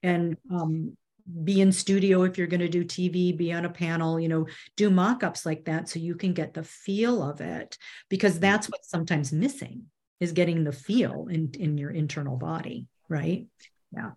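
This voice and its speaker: Brief: woman guest in an interview, earnest, talks in restarts, voice a touch low. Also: moderate pace, darkish tone. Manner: earnest, with frequent restarts and "you know". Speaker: media trainer guest. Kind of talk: conversational interview.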